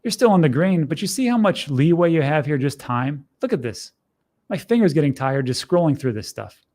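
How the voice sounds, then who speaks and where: Chatty man, pitch a touch raised. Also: a little fast. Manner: conversational, animated, slightly sardonic asides. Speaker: host. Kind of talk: casual screen-share commentary.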